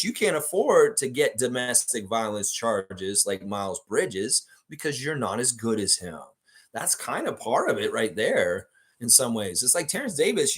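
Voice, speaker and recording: A man's voice: mid-range voice, fairly bright tone. A man hosting a live basketball fan stream, talking in a blunt, rambling, profane way and reading viewer comments aloud. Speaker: sports fan show host.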